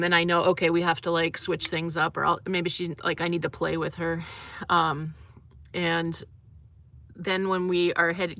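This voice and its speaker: A woman's voice: fairly low pitch, bright, forceful tone, no room sound. A young woman hosting a casual livestream, chatting loosely with lots of fillers and laughs as she reads comments. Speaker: livestream host.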